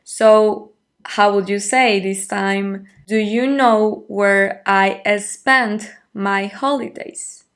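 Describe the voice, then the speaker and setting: Woman tutor going really slow, patient, spells out phrases for you to repeat. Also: mid-range voice, fairly even intonation. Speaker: Spanish teacher. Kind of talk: online language lesson.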